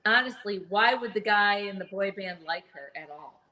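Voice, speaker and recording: A woman's voice: mid-range voice, expressive, normal speed, sharp tone. Woman co-host calling in, laid-back, mostly short agreements. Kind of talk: casual live-stream chat.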